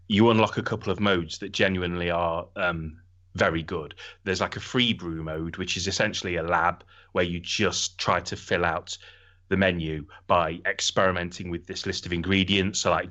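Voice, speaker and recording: A man with a very low voice reviews a game on a podcast. He is earnest and critical but casual. He talks it through at an easy pace. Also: fairly bright tone, dull audio. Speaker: podcast co-host. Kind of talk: casual chat.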